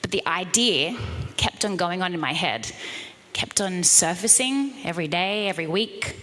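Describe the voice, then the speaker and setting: A woman gives an energetic, playful motivational talk into a handheld microphone and speaks straight to a live audience. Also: fairly low pitch, normal speed, big-room sound. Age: 30s. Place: event room with an audience.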